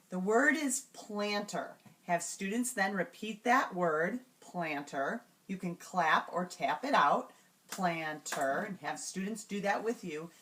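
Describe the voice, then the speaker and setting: A woman demonstrating classroom reading routines, sounding out words patiently and slowly. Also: lowish voice, a bit bright. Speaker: teacher trainer. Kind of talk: instructional demonstration.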